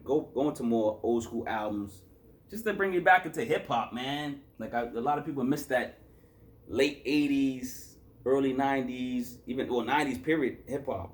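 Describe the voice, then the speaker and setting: A man's voice: medium pitch, normal speed. A man from Boston reviewing a hip-hop album in loose, rambling casual chat, tired after a work shift and full of fillers and self-corrections.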